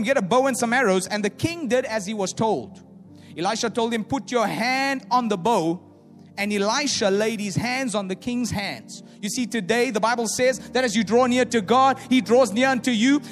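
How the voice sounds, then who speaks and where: A man preaching a sermon in a large hall, animated, acting out the voices of doubters and swinging from loud declarations to hushed asides. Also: very high-pitched. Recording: echoey hall with faint music.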